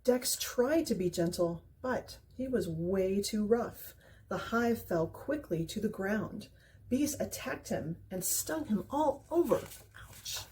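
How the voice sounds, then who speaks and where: A woman reads a children's picture book aloud, gentle and expressive. Her voice is mellow and soft, with a faint hiss behind it. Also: mid-range voice, slow.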